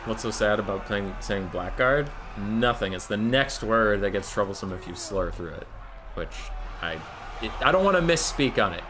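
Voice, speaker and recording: A man's voice: fairly low pitch, moderate pace, noisy background. An American man from Minnesota giving joking, casual commentary on a strategy game tournament. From Minnesota, USA. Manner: joking, animated.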